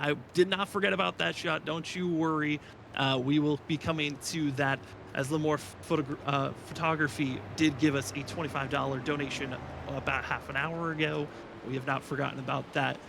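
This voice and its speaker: Man, sim racing stream host, quick upbeat commentary, higher voice, noisy background. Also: vocal fry, fairly bright tone. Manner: quick, upbeat, reads names off a list. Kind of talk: live race commentary.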